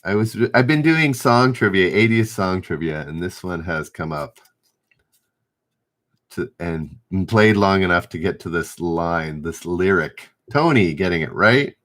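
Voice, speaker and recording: A middle-aged man runs a live trivia stream, reading each question out and then going back over it when he trips on the wording. His voice sits a little low, and he speaks in an unhurried, drawn-out way while he calls out viewers' answers. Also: animated, a bit bright. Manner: reads questions aloud, stumbles and rereads, chats with viewers. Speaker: trivia host.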